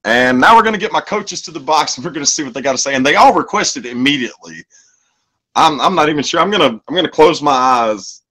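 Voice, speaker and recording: A man hosting a live-streamed singing show, rambling and halting with frequent laughs. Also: on the high side, lively intonation, a bit bright. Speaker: host.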